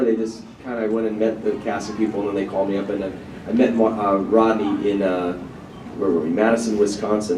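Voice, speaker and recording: A man on a convention panel telling a story in a chatty way with laughs, heard in a large hall. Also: on the low side. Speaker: panel guest. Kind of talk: convention Q&A anecdote. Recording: echoey hall from far off with clear noise.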